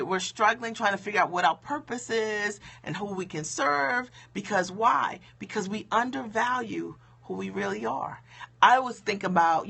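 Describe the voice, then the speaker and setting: A woman business coach talking to viewers on a live stream, emphatic and conversational, checking in with "okay?" and "right?", a bit low-key because it is late. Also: vocal fry, fairly bright tone. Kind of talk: motivational live stream talk.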